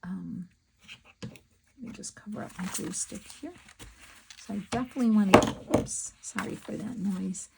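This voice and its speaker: A middle-aged woman chatting casually to her viewers while she works on a craft project, talking to herself in soft asides. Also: mid-range voice, normal speed, gravelly, long pauses, very noisy. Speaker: crafting vlogger.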